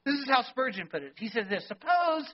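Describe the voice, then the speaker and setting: High-voiced man preaching with emphatic questions. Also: animated, fast, husky. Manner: emphatic preaching, rhetorical questions, swings between loud and soft. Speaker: pastor. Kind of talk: sermon. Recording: dull lo-fi sermon recording.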